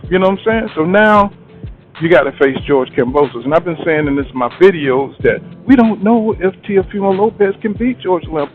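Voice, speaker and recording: Guy ranting about a fight, slangy, keeps saying you know what im saying, kinda high voice, tinny phone sound with a little music. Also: expressive, normal speed. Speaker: boxing commentator. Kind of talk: casual commentary monologue.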